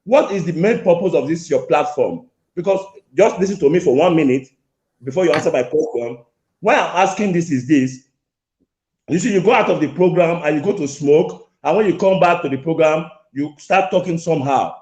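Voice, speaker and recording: A man's voice: on the high side, normal speed, darkish tone, dull audio. Insistent man, echoey line. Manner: insistent, repetitive, confrontational. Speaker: caller. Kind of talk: heated call-in argument.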